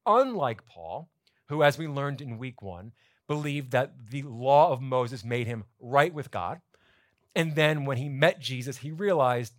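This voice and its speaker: A man preaching a sermon to his church congregation, explaining scripture in a lively, conversational teaching manner. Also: mid-range voice. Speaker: pastor. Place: church sanctuary.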